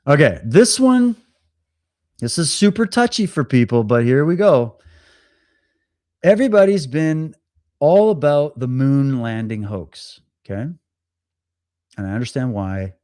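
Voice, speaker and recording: A man hosting a live stream talks casually and with animation, stumbling and repeating words as he acts out conversations. His voice sits in a middle pitch and sounds dry and close, with no room echo. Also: lively intonation, measured pace, pauses often, a little mellow. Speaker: livestream host. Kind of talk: casual storytelling monologue.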